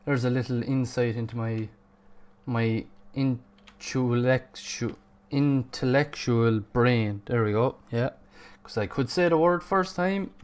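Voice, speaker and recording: A man's voice: mid-range voice, measured pace. A man streaming a video game live, chatty and self-mocking, and swearing at the game now and then. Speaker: gaming streamer. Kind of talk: live gameplay commentary.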